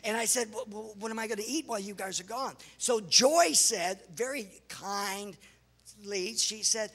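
High, gravelly-voiced American preacher man. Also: unhurried. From United States. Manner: lively anecdotal storytelling with laughter and exclamations. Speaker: pastor and missionary. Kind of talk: sermon storytelling with slides. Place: large church hall before a congregation. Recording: reverberant church hall.

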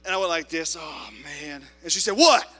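Bright-voiced man preaching in a church hall. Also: a little high, a little fast, faint music behind. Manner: emphatic preaching with quoted voices and sudden shifts from loud to soft. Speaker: pastor. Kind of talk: sermon with storytelling. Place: church sanctuary.

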